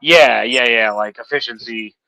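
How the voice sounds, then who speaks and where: A man's voice: medium pitch, normal speed, vocal fry, background noise. A young man from Texas with a light Texan accent, chatting casually and rambling with easy fillers. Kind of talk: casual chat.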